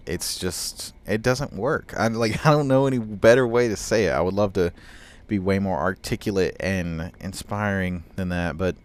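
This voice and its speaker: Young male gaming YouTuber, low smooth voice, loose rambling delivery with fillers. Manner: rambling, frequent fillers and laughs. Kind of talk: casual rambling commentary over gameplay.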